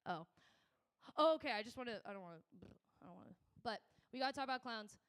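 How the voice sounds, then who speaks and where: A woman's voice: fairly high pitch, animated, quick pace, fairly bright tone, clear, resonant tone. A woman doing a stand-up set on a club stage, telling a rambling, self-interrupting story into a handheld mic. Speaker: stand-up comedian.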